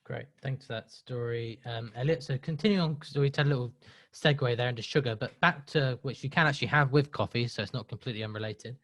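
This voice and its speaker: A man's voice: medium pitch, fast talker, fairly bright tone, no room sound. A man hosting a live webinar, upbeat and chatty, running a quiz with the audience. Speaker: webinar host.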